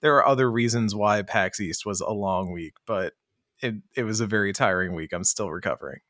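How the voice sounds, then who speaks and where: A man's voice: on the low side, brisk, fairly bright tone, no echo. A man co-hosts a laid-back podcast in a medium voice, recorded close and dry with no room sound. He cracks jokes, chuckles mid-sentence and lets his thoughts trail off. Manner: joking, laughs between words, trails off. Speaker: podcast co-host. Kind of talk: casual podcast chat.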